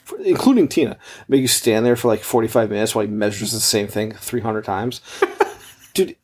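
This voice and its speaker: Podcast co-host, man in his thirties, husky, rambling and profane storyteller. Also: lowish voice, moderate pace, a little mellow. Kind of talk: casual chat.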